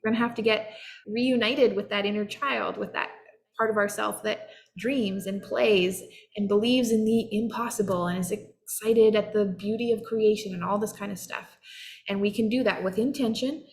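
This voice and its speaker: An earnest, encouraging woman in her thirties speaks as a self-help coach. Her middling voice carries a gravelly, creaky texture. She talks straight to the listener in a motivational style. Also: medium pitch, steady tone, moderate pace. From Canada. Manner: earnest, encouraging, acts out short quoted voices. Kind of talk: motivational talk.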